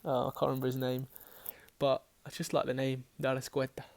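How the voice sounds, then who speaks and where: A man's voice: medium pitch, completely flat delivery, fairly quick, vocal fry, a little mellow. A man casually talking through his fantasy football team picks, rambling and correcting himself as he goes. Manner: chatty, rambling, self-correcting, swears casually. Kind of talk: casual team-selection talk.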